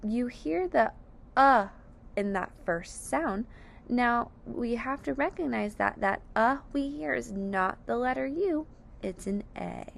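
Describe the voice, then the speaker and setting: A woman's voice: on the high side, expressive, unhurried, vocal fry. A woman teaching a phonics lesson, sounding out each word syllable by syllable with careful, over-enunciated speech. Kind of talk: slow, deliberate phonics lesson.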